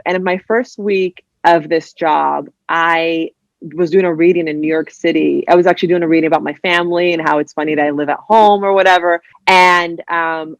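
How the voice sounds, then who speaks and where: Jersey woman guest on a podcast, animated storyteller, says "like" constantly, does everyone's voices, muffled dry sound. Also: on the low side, no echo. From New Jersey, USA. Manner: animated, acts out other people's voices in quotes; heavy use of "like" and "you know". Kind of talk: casual interview storytelling.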